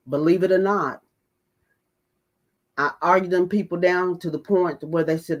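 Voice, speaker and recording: A woman's voice: lowish voice, fairly even intonation, moderate pace, pauses often. A woman hosting a mental health talk channel, telling her own story to her audience and stressing key points by repeating them. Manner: emphatic, repeats key phrases for weight. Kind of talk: personal storytelling to an online audience.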